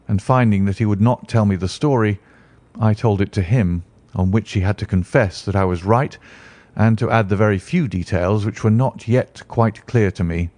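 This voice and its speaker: A man voicing a calm, stern detective who explains in a measured way. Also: fairly low pitch, no room sound, voice pushed down, close to an everyday voice.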